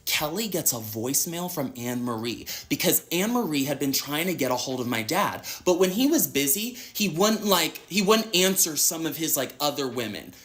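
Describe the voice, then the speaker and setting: A man's voice: a little high, big pitch swings, a bit bright. A man in a played clip telling a personal story in a chatty, dramatic way, acting out what others said. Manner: chatty, quick, dramatic retelling with acted-out quotes. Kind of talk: casual storytelling in an interview clip.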